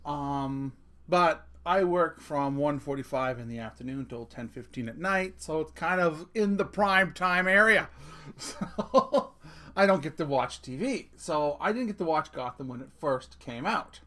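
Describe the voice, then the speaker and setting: Middle-aged male podcast host, higher voice, casual profane ranting. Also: expressive, a little slow, fairly bright tone. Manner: profane, joking, talks straight to listeners. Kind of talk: casual rant.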